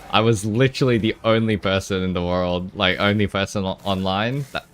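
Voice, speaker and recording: A man's voice: low voice, a little hiss or hum. A man streaming a game, chatting casually with his viewers, answering chat and laughing often.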